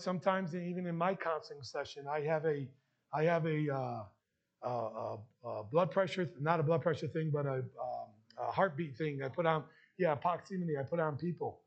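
High-voiced emphatic preacher man. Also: normal speed. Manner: emphatic, rising to loud bursts. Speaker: pastor. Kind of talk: sermon. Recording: dull lo-fi sound.

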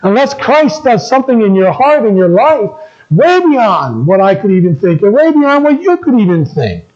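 A man's voice: sits high, sing-song, moderate pace, darkish tone, muffled recording. A man preaching a sermon as a pastor, asking the congregation questions and repeating his key phrases.

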